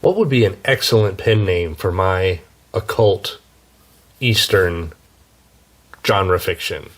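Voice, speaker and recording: A man's voice: low voice, lively intonation, takes it slowly, a bit bright, full character voice. A man playing a vain male British author who muses in a self-satisfied way. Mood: musing.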